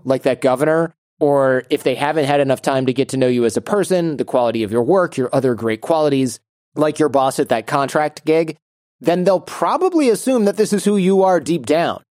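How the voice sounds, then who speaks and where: A man's voice: a little high, a little mellow, no echo, studio quality. A young man co-hosting an advice show, telling anecdotes in a blunt, wry way. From United States. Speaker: advice podcast co-host. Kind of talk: casual advice chat with anecdotes.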